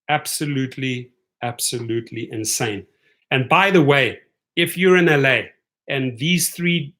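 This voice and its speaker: A middle-aged man giving an energetic, motivational talk as a driving coach, often checking in with viewers by asking "right?". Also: fairly high pitch.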